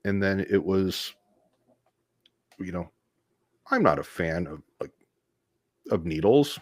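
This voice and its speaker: A man's voice: deep voice, big pitch swings, slow, no room sound. A man talking as a podcast guest, telling stories in a rambling, self-deprecating way with frequent restarts. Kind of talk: casual interview storytelling.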